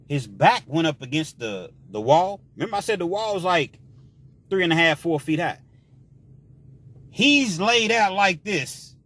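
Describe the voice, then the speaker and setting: A man telling a story in a casual, slangy way, with animated delivery and shouted sound effects. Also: fairly high pitch.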